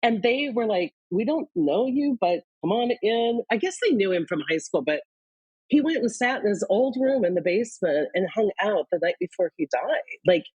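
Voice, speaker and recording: A woman from Iowa, a guest, telling personal stories candidly in an interview, quick bursts between slower pauses. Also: medium pitch, big pitch swings, a little mellow, slightly rough, dry recording, muffled recording. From Iowa, US Midwest. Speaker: guest, leadership author.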